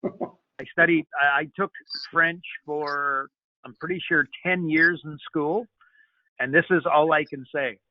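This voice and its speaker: A man hosts a casual online Q&A, joking and calling everyone buddy. His voice sits a little high, with dry, phone-like audio. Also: fairly even intonation, measured pace, dry recording. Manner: upbeat, jokey, calls people buddy. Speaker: host of a software Q&A call. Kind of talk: casual video call chat. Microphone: video call. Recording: tinny phone-like call audio.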